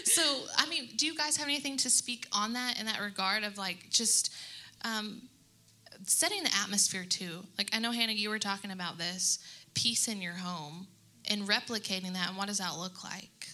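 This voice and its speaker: A woman's voice: medium pitch, normal speed. A woman in her thirties on a faith-based panel, telling stories to moms and acting out what people said. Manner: animated storyteller who acts out quotes. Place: room with an audience.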